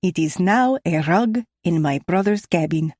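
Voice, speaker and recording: Picture a friendly young Russian bodyguard with a heavy accent, speaking in short, broken phrases, as a female narrator puts him on. The voice sits low and the sound is dry and close, like a storybook read in a booth. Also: lively intonation, measured pace, a little mellow, dry recording. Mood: hearty. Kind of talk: audiobook character voice.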